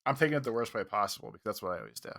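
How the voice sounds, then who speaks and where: A man's voice: fairly low pitch, expressive, rapid-fire, gravelly, pushed and bright, no room sound, clean studio sound. A man co-hosting a casual review podcast, joking and sarcastic at his own expense. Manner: joking, sarcastic, self-mocking. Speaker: podcast co-host.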